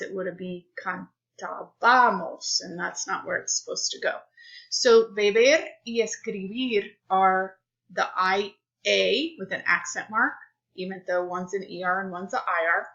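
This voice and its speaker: Woman, Spanish teacher, measured lesson delivery, bright tone, slightly muffled recording. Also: mid-range voice. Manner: clear, explanatory, unhurried.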